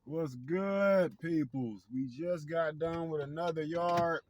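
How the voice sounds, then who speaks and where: A man's voice: fairly high pitch, takes it slowly, a little mellow, a little hiss or hum. Worn-out man vlogging after yard work. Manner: laid-back, slangy, talks straight to the viewers. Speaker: lawn-mowing vlogger. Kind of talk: casual vlog talk to camera.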